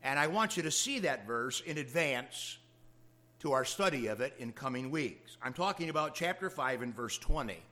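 A man's voice: medium pitch, expressive, moderate pace, bright, forceful tone. A man preaching a sermon to his congregation, with dramatic rises of emphasis in a preaching cadence. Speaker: pastor.

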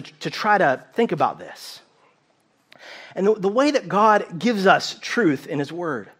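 A male pastor with a notably high voice delivers a sermon. He is earnest and emphatic, and he slows down to repeat his key phrases. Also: fairly bright tone.

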